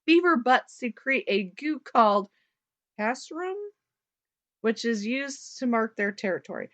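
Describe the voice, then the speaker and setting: A woman co-hosting a casual chat show, animated and quick to exclaim and laugh loudly. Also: a little high, no echo. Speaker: podcast co-host. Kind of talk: casual chat, reading a news item aloud. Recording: dull lo-fi podcast audio.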